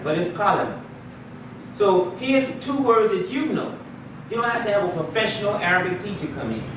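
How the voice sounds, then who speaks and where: A fairly high-voiced man, an imam, lectures a class in a relaxed, conversational way and keeps quizzing his students. He is heard from across a very echoey mosque classroom. The recording sounds like dull, muffled 1990s tape with a faint hiss. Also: distant mic. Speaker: imam teaching Arabic.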